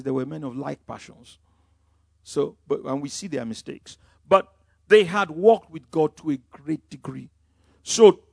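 A man preaching a sermon, swinging between loud emphatic lines and quiet asides. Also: fairly high pitch, vocal fry, no echo, clean studio sound. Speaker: pastor.

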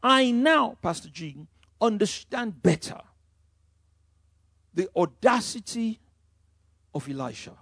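A man preaching a sermon, swinging between loud emphatic lines and quiet asides. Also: high-pitched, big pitch swings, slow, creaky, long pauses, dry recording, studio quality. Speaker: pastor.

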